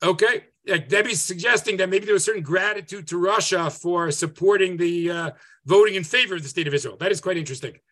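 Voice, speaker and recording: A man teaching an interactive online class as a rabbi, conversational and lively, often checking in with "right?". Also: sits high, fast talker. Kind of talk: interactive Zoom lecture. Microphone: video call.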